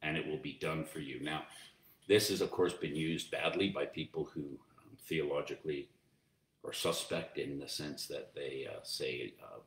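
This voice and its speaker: A man's voice: extremely low pitch, fairly even intonation, normal speed. A man preaching as pastor, teaching in a conversational way with many fillers and restarts. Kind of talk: sermon. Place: church. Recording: roomy echo, distant mic, faint noise.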